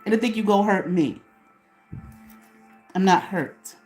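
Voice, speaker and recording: Her voice is medium-pitched and darkish, a little slow, with soft background music underneath. The woman hosts her own small channel, ranting profanely and confrontationally at someone to camera and asking herself questions.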